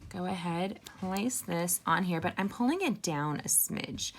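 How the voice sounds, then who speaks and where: A woman's voice: fairly low pitch, expressive, a little slow, slight background noise. A woman giving a chatty, upbeat card-making tutorial and talking straight to her viewers. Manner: chatty, upbeat, addresses viewers as "you guys" and "sisters". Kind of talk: casual crafting tutorial.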